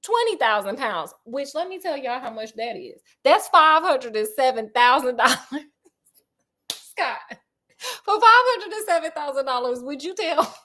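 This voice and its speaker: Woman storyteller, high voice, sassy, slangy, comic asides, casual retelling. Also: animated, measured pace, pushed and bright. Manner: sassy, slangy asides, laughs at her own jokes.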